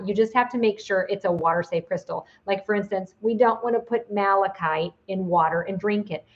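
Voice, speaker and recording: A woman's voice: medium pitch, muffled recording. A woman giving a casual video lesson as a psychic teacher, chatty, with many fillers and restarts.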